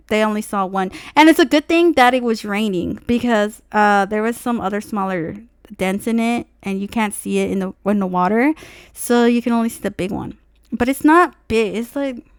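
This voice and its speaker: A young woman talks into the camera in a casual storytelling vlog, acting out both sides of a heated conversation and swearing freely. Her voice sits a little high and sounds smooth and clear. The recording is close and dry. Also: no room sound. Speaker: streamer telling a story.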